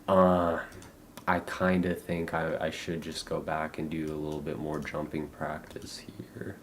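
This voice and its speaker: Very deep-voiced young man rambling slowly. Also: flat delivery, a little hiss or hum. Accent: American. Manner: rambling, halting, filler-heavy. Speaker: livestreamer. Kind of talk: casual rambling gameplay chat.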